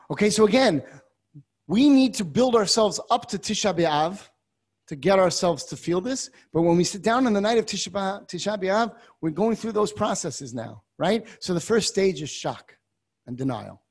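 A high, husky male voice teaching a class on scripture. His pitch leaps around, and he moves from soft asides to loud, dramatic readings of verses. He scatters Hebrew terms through the lesson. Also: expressive, normal speed. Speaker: Torah teacher. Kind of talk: lecture on a biblical text.

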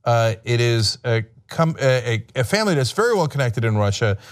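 Sarcastic, animated male commentator. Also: mid-range voice, a little fast. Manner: sarcastic, mocking. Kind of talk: political commentary.

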